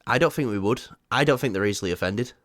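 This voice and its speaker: A man's voice: fairly low pitch, fast, no echo. A man co-hosting a casual movie news chat, teasing his partner and swearing freely. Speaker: podcast co-host.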